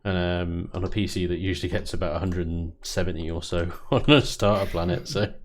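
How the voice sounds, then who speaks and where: A man hosts a game stream in easy, casual chat. His voice sits on the low side. He jokes a lot and gets enthusiastic. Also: fairly even intonation, brisk. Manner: joking, enthusiastic. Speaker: stream host.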